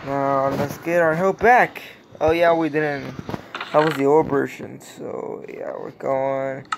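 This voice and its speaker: A gamer giving casual gameplay commentary, excitable and slangy, often repeating words in frantic bursts. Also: medium pitch, slow, gravelly, noisy background. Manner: slangy, says yo and bro a lot.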